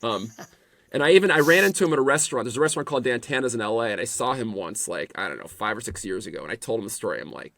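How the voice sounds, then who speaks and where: A middle-aged man, a podcast guest, telling animated anecdotes in casual conversation and often restarting his sentences. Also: fairly low pitch, very fast, creaky, no echo. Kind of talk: casual storytelling interview.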